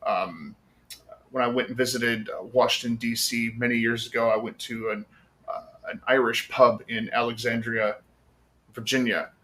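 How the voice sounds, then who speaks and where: A man's voice: medium pitch, steady tone, normal speed, a bit bright. An American man chatting on a podcast, telling rambling stories with lots of fillers and casual swearing. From United States. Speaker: podcast guest.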